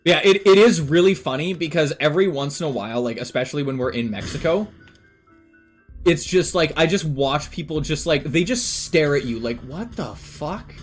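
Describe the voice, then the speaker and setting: Faint music sits behind a young Canadian man whose slightly high voice moves fairly quickly. It's casual stream chatter, rambling and loaded with fillers and swearing.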